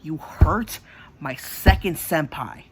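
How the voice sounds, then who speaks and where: A man voicing a furious young woman who yells curses and threatens a housemate. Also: a little high, lively intonation, slow pace, noisy background, voice pushed up. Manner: yelling, cursing.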